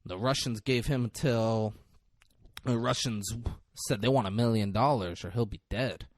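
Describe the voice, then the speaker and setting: A man's voice: lowish voice, normal speed, no room sound, clean studio sound. A man co-hosting a podcast who retells a movie in casual chat, swearing freely and acting out the characters' lines. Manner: animated storytelling with profanity and acted-out quotes. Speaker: podcast co-host.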